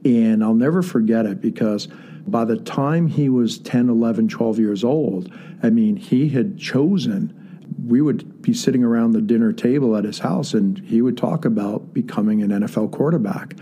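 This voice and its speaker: Man, casual storyteller, earnest, wordy, warm tone, slightly husky. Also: mid-range voice, moderate pace. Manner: earnest, wordy, many fillers. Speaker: guest storyteller.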